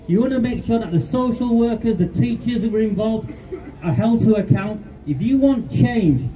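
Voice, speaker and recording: A man's voice: high-pitched, dark tone. A man, giving an angry, defiant speech at a street protest. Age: 50s. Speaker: rally speaker. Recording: distant outdoor mic.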